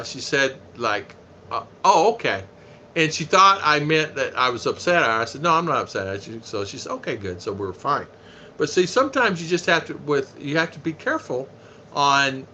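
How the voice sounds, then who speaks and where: A folksy American man hosts a casual live stream and chats along with his viewers. His voice is bright and a touch high for a man. A faint hiss of background noise sits under it. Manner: chatty, folksy, reads viewer comments aloud.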